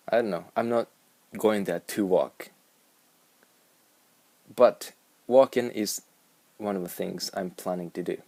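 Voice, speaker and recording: A man's voice: lowish voice, darkish tone, no room sound. A young man with a Japanese accent, rambling and musing aloud in a casual vlog. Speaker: vlogger.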